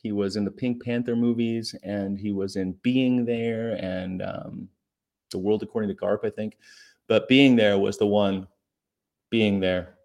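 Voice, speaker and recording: A man's voice: on the low side, a little mellow. A man hosting a casual daily chat, rambling through the day's history with fillers and asides. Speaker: vegan channel host.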